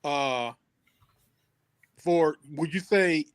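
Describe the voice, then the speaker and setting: A man's voice: fairly high pitch, drawn-out words, long pauses, smooth, dry recording. A man practicing pronunciation as a student in a language class, tentative and full of fillers. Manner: hesitant, tentative, many fillers.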